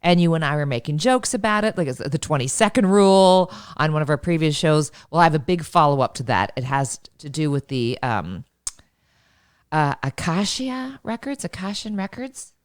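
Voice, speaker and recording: A woman's voice: deep voice, normal speed, smooth, dry recording, studio quality. A woman co-hosting a comedic chat show, joking and laughing through her sentences. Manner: jokey, laughs often mid-sentence. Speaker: podcast co-host.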